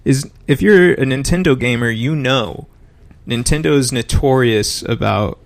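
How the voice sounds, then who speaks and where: A man co-hosting a podcast in casual chat, measured and deadpan. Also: mid-range voice, creaky. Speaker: podcast co-host.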